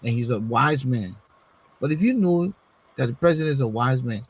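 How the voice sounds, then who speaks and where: A man's voice: medium pitch, animated, moderate pace, slightly rough, rough recording. A man, arguing politics on a talk show, pressing rhetorical questions and repeating words as he searches for the next thought. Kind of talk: casual political discussion.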